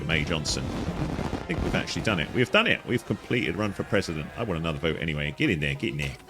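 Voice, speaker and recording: A man narrating a playful game walkthrough, joking and chatting to the characters as he plays. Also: a bit bright. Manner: jokey, talks to characters in silly voices, jumps high in pitch. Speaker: gaming guide host.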